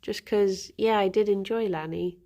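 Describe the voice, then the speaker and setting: A woman chatting casually on a live stream, halting with fillers and breaking off to baby-talk to her pet. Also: mid-range voice, mellow.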